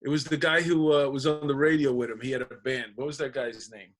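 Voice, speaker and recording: A comedian guesting on a podcast tells stories in casual chat, animatedly acting out the dialogue and swearing plenty. He talks fast at a medium pitch.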